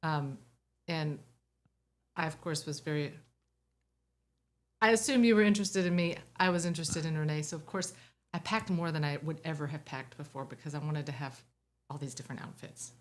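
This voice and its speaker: A woman chatting as a guest on a talk show, telling a story in an animated way. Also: deep voice, moderate pace. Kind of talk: casual chat.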